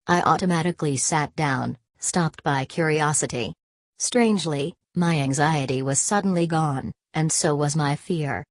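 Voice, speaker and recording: A woman reading a first-person story aloud in an even, measured way. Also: deep voice, no room sound. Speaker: audiobook reader. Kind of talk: first-person audiobook narration.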